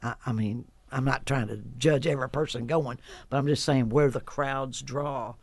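A man's voice: medium pitch, steady tone, moderate pace, dry recording. Folksy laughing man co-host. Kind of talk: casual chat and Bible discussion.

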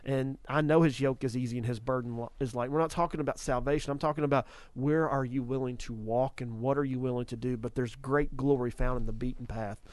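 A man's voice: medium pitch, fairly even intonation, fairly quick, hardly any pauses, a little mellow, no echo. A man hosting a Christian ministry show, earnestly preaching about a vision and repeating phrases for emphasis.

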